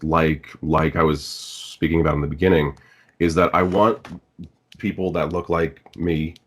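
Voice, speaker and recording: A man, a guest actor and audiobook narrator, chatting casually on a podcast, halting and stammering at times and swearing freely. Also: rumbling low.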